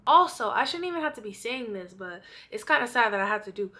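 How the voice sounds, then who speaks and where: A woman's voice: a little high, expressive, fast, sharp tone. A young woman vlogger giving blunt, profane advice in a casual monologue, often out of breath.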